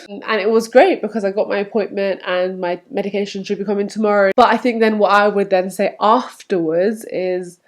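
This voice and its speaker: A woman's voice: medium pitch, moderate pace. A young woman vlogging to camera, speaking candidly and chattily, and acting out remembered quotes. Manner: candid, animated, acts out quotes.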